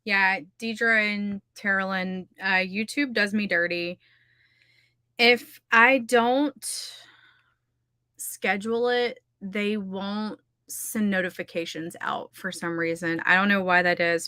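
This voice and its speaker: A woman's voice: mid-range voice, sharp tone, clean tone, dry recording, studio quality. A woman hosting a casual livestream, chatty and scattered, laughing often as she talks. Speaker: livestream host running writing sprints. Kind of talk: casual chat to a live audience.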